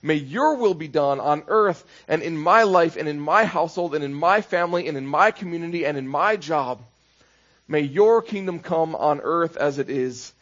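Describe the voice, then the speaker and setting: A man's voice: a little high, dull audio. A man preaching a sermon as pastor, conversational, building into rhythmic repeated phrases.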